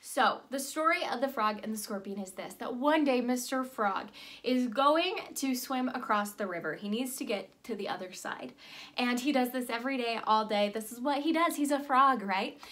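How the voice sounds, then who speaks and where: A young woman life coach talks straight to camera in a motivational vlog. Her voice is high and bright, and she keeps it upbeat and chatty, peppered with "like" and "right?". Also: moderate pace.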